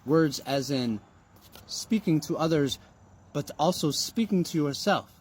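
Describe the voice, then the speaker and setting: A man's voice: fairly high pitch, lively intonation, a little slow, a little mellow, slightly rough. A man giving a motivational monologue in an emphatic, preachy way, with rhetorical questions and some swearing.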